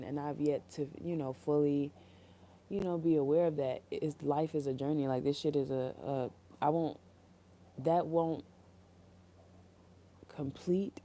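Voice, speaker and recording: Dark-voiced young woman musing on a livestream. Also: low-pitched, slight background noise. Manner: earnest, reflective, rambling with fillers and restarts. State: holding back tears. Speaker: creator on a solo livestream. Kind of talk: candid solo livestream talk. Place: room, alone.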